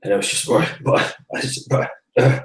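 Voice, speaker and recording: A man's voice: brisk, distant mic. A man hosting a live web broadcast, telling a personal story in a loose, rambling way, often sighing and laughing between thoughts. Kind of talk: casual faith-based monologue. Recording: roomy echo, voice off the mic.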